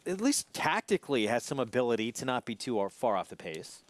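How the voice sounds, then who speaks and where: A man co-hosting a horse racing broadcast, giving quick, matter-of-fact takes on the runners. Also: mid-range voice, big pitch swings, no room sound. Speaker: racing analyst.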